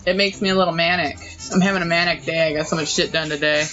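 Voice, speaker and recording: A woman co-hosting a podcast in easy, rambling chat, swearing freely and laughing often. Her voice is bright and forward. The recording is slightly dull, with faint music behind. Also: fairly low pitch, fairly even intonation, fast talker. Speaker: podcast co-host. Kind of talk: casual chat.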